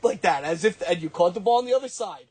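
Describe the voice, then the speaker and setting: A man chatting casually, telling stories and acting out sounds and shouted quotes, laughing often. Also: sits high, expressive, fast, breathy edge, dry recording. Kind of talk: casual storytelling chat.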